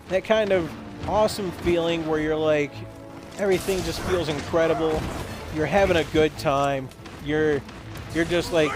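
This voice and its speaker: A man hosting a gaming video, telling a rambling, absurd story in a deadpan way and acting out quoted lines in voices. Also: on the high side. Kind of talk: rambling comedic monologue while gaming.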